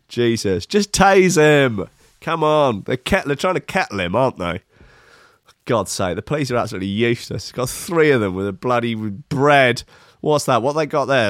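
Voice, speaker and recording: A man's voice: mid-range voice, fairly bright tone, no echo, studio quality. A man giving comic, profane reaction commentary on a video clip, sarcastic and rambling.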